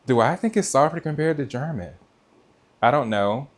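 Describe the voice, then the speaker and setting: An expressive man with a mid-range voice and moderate pace hosts a live cooking stream in his kitchen. Chatty and direct, he talks to viewers and reads their comments aloud over a noise-cancelling mic.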